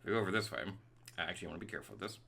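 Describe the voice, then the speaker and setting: A male let's play host talks over his gameplay in a very bright, forceful voice. His pitch leaps around animatedly. He sounds excitable and quick to vent at the game. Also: vocal fry, slightly rough. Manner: excitable, venting frustration at the game. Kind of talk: gameplay commentary.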